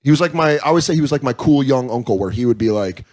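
A comedian guest in candid casual talk, frank and profane, acting out quoted voices. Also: male voice, mid-range voice, expressive, rapid-fire, a little mellow. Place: comedy club.

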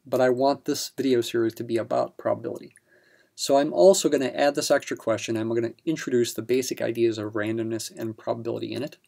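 A man walks through a probability exercise in a relaxed, patient teaching voice. His tone has a gravelly fry to it, sitting at an ordinary male pitch, and he breaks each point down step by step. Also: fast talker. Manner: patient step-by-step explanation with fillers. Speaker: math instructor. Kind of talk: explaining a practice problem.

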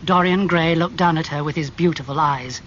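A man narrating a classic novel as an audiobook, in a clear, measured storytelling manner. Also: on the high side, fairly bright tone. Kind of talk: audiobook reading of a graded classic. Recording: slightly muffled with faint hum.

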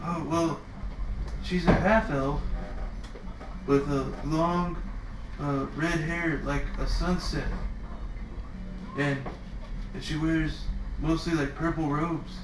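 A man playing in a tabletop game, speaking slowly and hesitantly in character, off-mic through console party chat. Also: fairly high pitch, fairly even intonation, roomy sound, noisy background.

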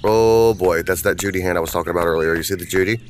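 A man's voice: sits low, fast talker, a little hiss or hum. A man hosting a gaming channel, giving goofy, crude gameplay commentary and slipping into silly voices. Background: game music and sounds.

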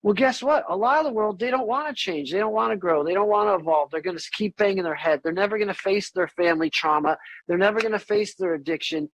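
A middle-aged man talking as a podcast guest and musician, candid and animated, swearing freely in casual conversation. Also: high voice, fast, few pauses, low-quality recording.

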